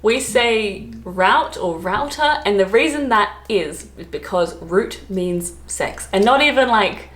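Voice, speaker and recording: A woman's voice: mid-range voice, expressive, takes it slowly, few pauses, a bit bright, roomy sound. A woman in her thirties from Australia with an Australian accent, chatting casually to camera, laughing often between many fillers. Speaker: vlogger.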